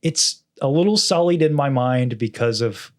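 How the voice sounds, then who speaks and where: A man's voice: medium pitch, animated, moderate pace. A man co-hosting a podcast, chatting casually and enthusiastically while ranking movie scenes, chuckling often. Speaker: podcast co-host.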